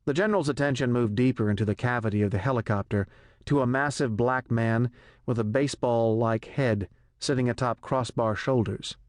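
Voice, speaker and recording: A male audiobook narrator reading a thriller in a measured, even storytelling manner on a close studio mic. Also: mid-range voice, no room sound.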